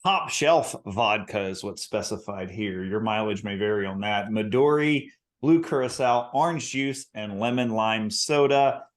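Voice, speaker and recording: Upbeat, joking man with a lowish voice. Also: measured pace. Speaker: podcast co-host. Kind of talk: casual podcast chat.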